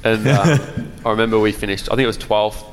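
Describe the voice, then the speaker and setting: A man's voice: fairly low pitch, fairly even intonation, a little fast, a little hiss or hum. Man laughing through a story in a roomy hall. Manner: laughing often while recounting a story. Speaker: podcast guest, pro golfer. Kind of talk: casual storytelling.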